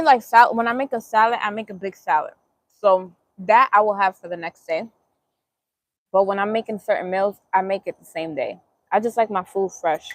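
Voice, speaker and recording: A woman's voice: medium pitch, no echo. Bronx woman hosting her cooking live stream, casual chatty talk, laughs a lot, mid voice, dry close sound. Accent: New York (Bronx). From the Bronx, New York. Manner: chatty, laughs easily, answers viewers' comments. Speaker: vegan cooking channel host. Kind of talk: casual live-stream chat while eating.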